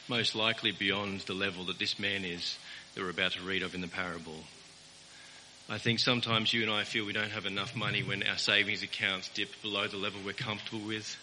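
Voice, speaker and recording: Earnest pastor preaching in a reverberant hall. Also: male voice, lowish voice, bright, forceful tone. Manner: earnest, emphatic preaching with deliberate repetition. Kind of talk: sermon. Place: church. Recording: reverberant church hall with faint hiss.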